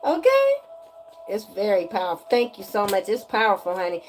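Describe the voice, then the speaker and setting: A woman giving a casual spiritual energy reading to viewers, animated and emphatic, often repeating her lines and slipping into slang. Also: medium pitch, fast talker, soft background music. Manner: animated, breaks into singing, emphatic and preachy.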